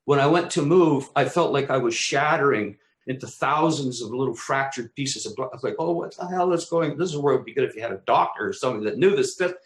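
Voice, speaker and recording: Man, animated storyteller, acts out his exclamations, casual swearing, echoey room. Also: medium pitch, fast, few pauses. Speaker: co-host.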